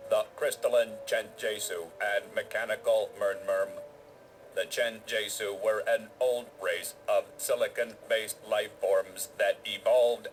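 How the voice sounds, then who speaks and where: An actor voicing a formal, stiff-talking alien race of machine and crystal beings in a video game. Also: male voice, on the low side, rough recording. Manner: formal, measured, stiff delivery.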